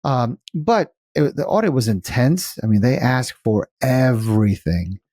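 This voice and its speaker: A blunt, lively man speaks with a dark, mellow tone. He tells his story as a casual interview guest and acts out each side of the conversation. The sound is close and dry. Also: mid-range voice, unhurried, dry recording. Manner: animated, blunt, swears casually, acts out dialogue. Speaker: guest, cost segregation firm founder.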